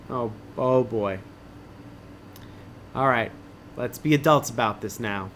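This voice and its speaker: A man's voice: medium pitch, takes it slowly, long pauses, a bit bright, a little hiss or hum. A middle-aged man streaming as he reads an adventure book aloud, with wisecracking, self-mocking asides. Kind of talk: casual read-aloud with joking asides.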